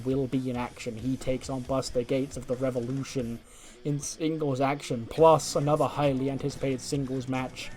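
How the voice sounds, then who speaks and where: A man at a middling pitch tells wrestling game storylines in a casual, chatty way. He leans on fillers as he goes. When the action heats up, he narrates it as lively play-by-play. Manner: animated play-by-play of match events. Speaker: YouTuber recapping a wrestling management game.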